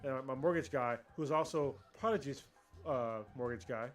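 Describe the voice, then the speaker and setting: A man co-hosting a casual livestream podcast, ranting and swearing freely in animated chat. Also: mid-range voice, normal speed, soft background music. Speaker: podcast co-host.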